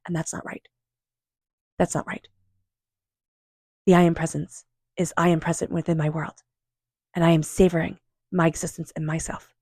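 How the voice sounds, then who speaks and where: Calm, low-voiced woman reading tarot. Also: husky, no echo, studio quality. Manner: calm, unhurried, affirming, softly repeats invocations to spirit guides. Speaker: tarot reader. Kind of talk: tarot card reading monologue.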